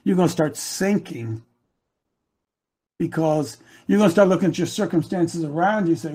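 A man in his sixties preaching a sermon, impassioned and emotional, swinging from hushed lines to shouted ones. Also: fairly high pitch, normal speed, husky. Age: 60s. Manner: emotional, close to tears.

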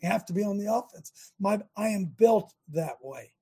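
A man's voice: sits high, expressive, normal speed, darkish tone, husky. An older American man hosting a talk show, rallying listeners in a rambling, preachy monologue with many restarts.

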